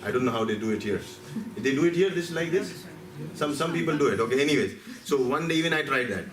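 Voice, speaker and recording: A man's voice: medium pitch, lively intonation, quick pace. A man from India, giving a playful, story-driven health lecture and asking the audience questions. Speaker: health speaker. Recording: roomy hall, distant mic, faint background.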